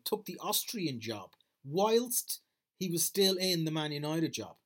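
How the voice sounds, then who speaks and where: A man talking through a casual monologue as a podcast host, rambling and swearing freely, with plenty of fillers and restarts. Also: medium pitch.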